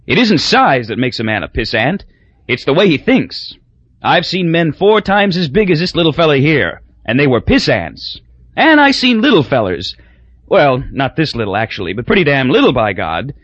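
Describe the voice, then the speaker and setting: Man doing a loud blustering drunk. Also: fairly high pitch, sing-song, moderate pace, breathy edge, dry recording, highs cut off, pitched above the performer's own voice, exaggerated voice. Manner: blustering, emphatic.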